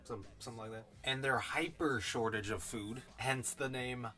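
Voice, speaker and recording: A man's voice: mid-range voice, normal speed, pushed and bright, faint music behind. A man giving a casual, rambling audiobook review, full of swearing and slang. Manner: profane, slangy, rambling tangents. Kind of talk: casual spoken book review.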